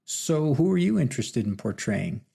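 A man's voice: mid-range voice, big pitch swings, moderate pace, gravelly, mellow, husky, exaggerated voice. A man voicing an earnest, good-natured male history buff who talks in a friendly way.

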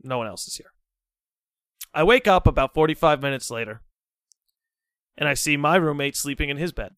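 A young man guesting on a podcast, telling a story in a casual, animated, dramatic way and swearing freely. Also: a little high, moderate pace, clear, resonant tone, dry recording.

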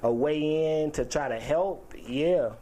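A man's voice: fairly high pitch, normal speed, dark tone, a little hiss or hum. A man hosting a heated casual debate, insistent and argumentative. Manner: insistent, argumentative, keeps claiming the floor.

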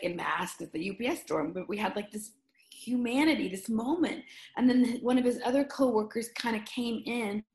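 A middle-aged woman speaks earnestly in a relaxed conversation, telling a personal story with real feeling. She restarts her sentences often as she searches for words. Her voice carries a noticeable roomy echo. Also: mid-range voice. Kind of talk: casual conversation.

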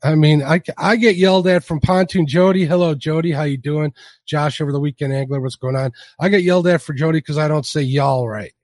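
A male podcast host chats loosely with his guests, often stumbling and restarting as he reads out viewer comments. His voice sits a little high for a man, and the sound is dry and close. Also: fairly even intonation, fairly quick, darkish tone, no room sound. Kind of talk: casual livestream chat.

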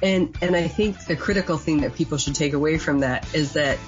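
A woman guest writer in casual podcast chat, animated and laughing as she talks. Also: sits low, a little fast. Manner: animated, laughs while talking. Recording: dull lo-fi audio with faint music.

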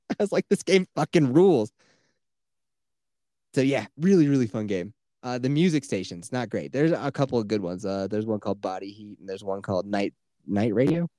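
A man's voice: lowish voice, brisk, dark tone, dry recording, clean studio sound. A man hosting a podcast, telling a long rambling story in casual chat, swearing freely and leaning on filler words. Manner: rambling and profane, full of "like" fillers. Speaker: podcast host.

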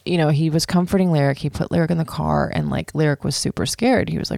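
A woman in her thirties telling a personal story to camera in an animated, casual way, full of "like" and swearing freely. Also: sits low, fast talker, vocal fry, few pauses, no room sound, clean studio sound. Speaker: vlogger. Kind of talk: storytime monologue.

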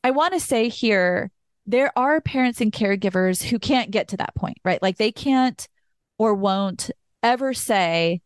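A woman's voice: medium pitch, expressive, a little slow, smooth, dry recording. Podcast host, young woman, mid-range voice, candid and emotional, casual filler words, dry close mic. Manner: candid and emotional, says "like" often, sometimes swears. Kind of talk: personal reflective monologue.

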